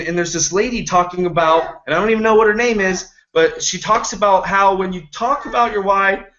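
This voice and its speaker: A man's voice: sits high, a bit bright, dull audio, slight background noise. A man giving an earnest, rambling motivational talk about network marketing, often acting out the people he quotes.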